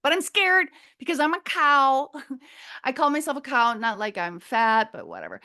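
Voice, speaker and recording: A middle-aged woman from Minnesota talks as a podcast guest, her voice sitting high. She tells her story in a loose, rambling way, hunting for words and acting out what people said. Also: moderate pace. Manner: rambling, animated, searches for words, acts out quotes. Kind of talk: casual storytelling.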